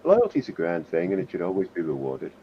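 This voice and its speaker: A man's voice: sits low, huge pitch swings, brisk, a little hiss or hum, exaggerated voice. A man voicing a shrewd male interrogator, asking blunt, probing questions. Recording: dull lo-fi sound.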